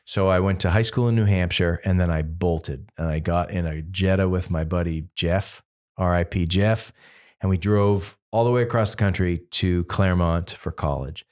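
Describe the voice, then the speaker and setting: During a relaxed interview, this singer-songwriter from Massachusetts, a man in his fifties, tells loose, animated stories that wander and brim with fillers. He has a low voice and a normal pace.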